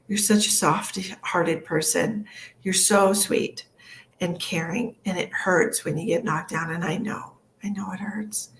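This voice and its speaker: Slow, gravelly-voiced woman psychic medium. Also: mid-range voice, a little hiss or hum. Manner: emotional, earnest, soothing; rambling with many fillers. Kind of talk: live-streamed psychic reading. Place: home livestream.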